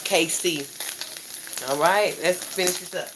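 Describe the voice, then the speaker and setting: A home cook vlogger with a lowish voice chats playfully and goofily to her viewers at a measured pace while cooking breakfast. Sizzling pan sounds run behind her.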